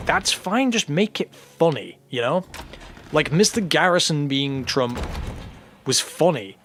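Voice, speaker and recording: A young man streaming a horror game, chatting in a relaxed, rambling way and often saying "you know". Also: medium pitch. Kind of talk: casual let's-play chat.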